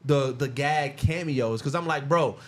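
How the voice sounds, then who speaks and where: A man's voice: medium pitch, a little slow. A man co-hosting a podcast, chatting casually and animatedly, often repeating himself and talking over the others. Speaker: podcast co-host. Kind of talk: casual chat.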